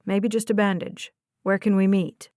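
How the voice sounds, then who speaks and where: A woman voicing a calm, protective young man who talks in short, clipped phrases, in an audiobook. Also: mid-range voice, normal speed, no echo, clean studio sound, lightly acted.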